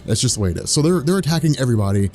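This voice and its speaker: A man's voice: mid-range voice, sing-song, very fast, a little mellow. Rambling, slangy male comic recapper. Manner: rambling, filler-heavy, slangy. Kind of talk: casual story recap.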